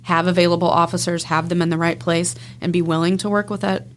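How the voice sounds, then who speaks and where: A woman's voice: on the low side, fairly even intonation, quick pace, a little hiss or hum. A woman from Texas co-hosting a crime podcast, reading news items aloud and chatting about them. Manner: conversational, reads news items aloud and comments. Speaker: podcast co-host. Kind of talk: casual chat, reading news headlines.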